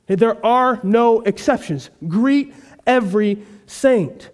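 A man's voice: sits high, measured pace. A male pastor preaching a sermon, earnest and emphatic, repeating key phrases for weight.

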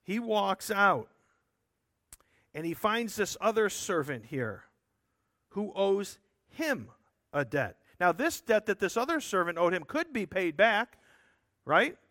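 A man's voice: sits high, big pitch swings, slow, pauses often, bright, forceful tone, no room sound, studio quality. A man preaching a sermon, explaining a scripture passage in an earnest, emphatic way with rhetorical asides to his listeners.

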